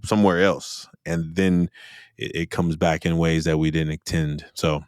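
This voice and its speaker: A man's voice: extremely low pitch, completely flat delivery, measured pace, a little mellow, clean tone, no room sound, studio quality. A man hosting a podcast, telling a story earnestly and repeating phrases for emphasis. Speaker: podcast host. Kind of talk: conversational storytelling.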